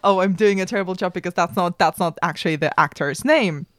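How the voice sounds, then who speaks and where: A woman's voice: lowish voice, fast, no room sound, clean studio sound. A woman hosting a podcast, chatting with enthusiasm and firm opinions. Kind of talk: casual chat.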